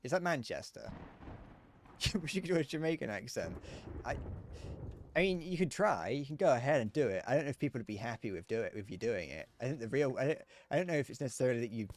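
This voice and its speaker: A young man with a southern English accent, chatting casually while streaming a game and answering chat, muttering low to himself between brighter, self-deprecating replies. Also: expressive, fast talker. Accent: British, southern English. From England. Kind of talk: casual gameplay chat reading chat aloud. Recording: faint background noise and clicks.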